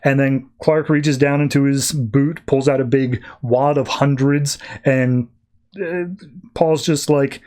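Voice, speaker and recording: A man's voice: mid-range voice, steady tone, slow pace, a little mellow. A man hosting a podcast, casually recapping a comic and acting out the characters' lines as he goes. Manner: rambling storytelling, acts out quotes. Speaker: podcast host.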